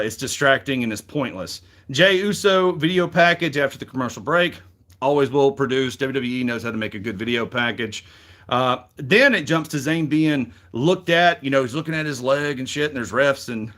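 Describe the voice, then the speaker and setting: A middle-aged Southern man talks through wrestling results at his own loose pace. He rambles, cusses freely and fills gaps with "uh" and "you know", and his voice sits at an ordinary middle pitch. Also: a bit bright. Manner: rambling, frank, swears freely, many fillers. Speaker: wrestling reaction show host. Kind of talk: casual commentary.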